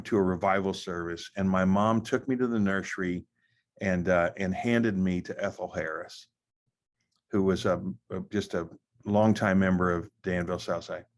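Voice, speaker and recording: Halting, low-voiced American pastor. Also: male voice, steady tone. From United States. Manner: halting, many restarts and fillers. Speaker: pastor and guest. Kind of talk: conversational testimony.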